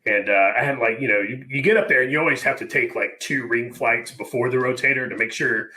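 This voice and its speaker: Bright-voiced veteran telling a story. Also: male voice, mid-range voice, fast. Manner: animated storyteller, swears freely. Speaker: podcast co-host. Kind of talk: casual chat.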